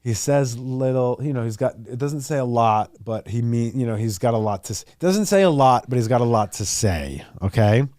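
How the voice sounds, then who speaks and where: A man hosting a podcast in a casual monologue, talking in an animated, rambling and profane way. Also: medium pitch, moderate pace, hardly any pauses, no echo, studio quality. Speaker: podcast host.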